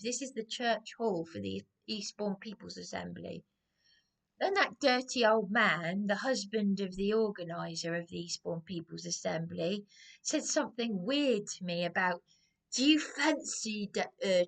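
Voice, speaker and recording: A woman's voice: medium pitch, expressive, unhurried, gravelly. A woman ranting about personal grievances in a rambling, agitated way, often repeating herself. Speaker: vlogger. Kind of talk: aggrieved personal rant to camera.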